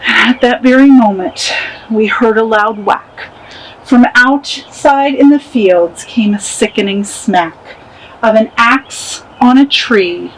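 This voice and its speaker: A woman reading a rhyming picture book aloud in an expressive way. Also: a little high, takes it slowly, slight background noise, poor audio. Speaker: storybook reader.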